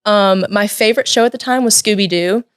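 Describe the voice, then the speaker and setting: A woman's voice: medium pitch, brisk, smooth, dry recording, studio quality. Chatty teenage woman telling a story. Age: late teens. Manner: lively, chatty, many "like" and "um" fillers. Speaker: podcast guest. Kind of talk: personal storytelling. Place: podcast studio.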